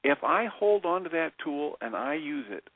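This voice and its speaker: A man talking as a radio show guest, sincere and a little halting, restarting his sentences. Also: a little high, sing-song. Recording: dry phone-line sound.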